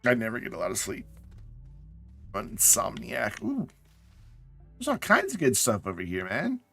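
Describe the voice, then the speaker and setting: A man's voice: medium pitch, wildly swooping pitch, normal speed, creaky, sharp tone, soft background music. A man casually chatting to his viewers while playing a game on a live stream, sounding tired and yawning. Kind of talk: casual live gameplay chat.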